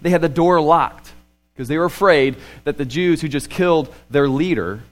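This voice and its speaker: A man in his thirties preaching a sermon, animated and swinging between excited and hushed. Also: on the high side, moderate pace. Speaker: pastor.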